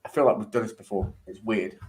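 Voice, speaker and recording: A man's voice: lowish voice, fairly even intonation, fast talker, darkish tone, poor audio. A man competing in a casual online quiz from his home over a video call, joking and rambling in asides. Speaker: quiz contestant. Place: home room with a balcony window.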